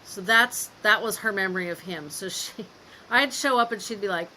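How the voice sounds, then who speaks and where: A woman guest on a caregiving podcast tells a personal story. She has a very bright voice at an ordinary pitch and speaks frankly, with a light laugh now and then. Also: moderate pace, slight background noise, poor audio. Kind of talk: candid conversational interview.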